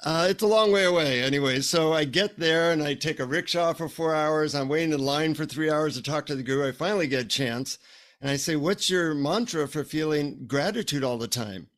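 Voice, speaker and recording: A man's voice: a little high, fairly quick. A man, a psychotherapist guest, telling humorous stories in a casual interview over a remote call. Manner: humorous, animated storyteller.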